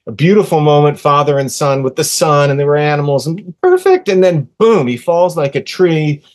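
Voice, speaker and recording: A man's voice: on the high side, normal speed. Earnest sixties man telling a story. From USA. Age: 60s. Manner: earnest, animated storyteller, drops to a soft hush when quoting comforting words. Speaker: podcast guest. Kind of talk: casual storytelling in an interview.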